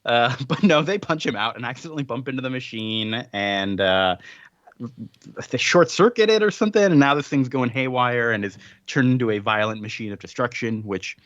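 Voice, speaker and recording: Lively man recapping a comic, lo-fi. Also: mid-range voice, brisk, no room sound. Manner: rambling, animated, acts out quoted characters. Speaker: podcast co-host. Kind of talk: casual chat recapping a comic. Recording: dull lo-fi, dry.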